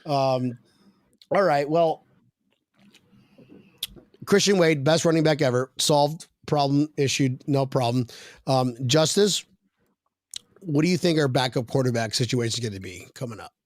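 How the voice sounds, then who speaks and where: A man's voice: medium pitch, a little slow, long pauses, no room sound. A man hosting a podcast in casual chat, with joking, teasing banter. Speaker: podcast host.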